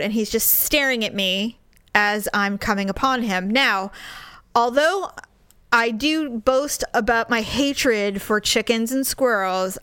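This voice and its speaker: Expressive woman with a smooth clear voice. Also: fairly high pitch, no echo. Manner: animated, dramatic retelling with quoted dialogue. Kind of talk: casual storytelling chat.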